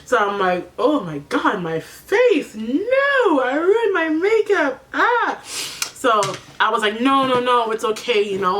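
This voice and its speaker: A woman's voice: medium pitch, a bit bright. A young woman vlogging casually while doing her makeup, tearful and emotional, saying "like" and "you know" a lot. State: tearful after crying. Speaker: beauty vlogger. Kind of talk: casual get-ready-with-me chat.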